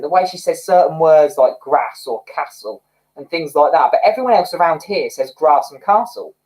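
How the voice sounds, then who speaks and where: A man's voice: a little high, a little mellow, low-quality recording. A young man hosting a livestream, chatting casually and rambling expressively while reading out comments. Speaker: livestream host.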